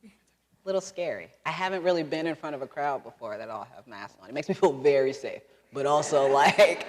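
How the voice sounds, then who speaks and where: A woman author answering audience questions at a live talk, earnest and quick to laugh, in a large hall. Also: sits low, animated. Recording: long hall reverb.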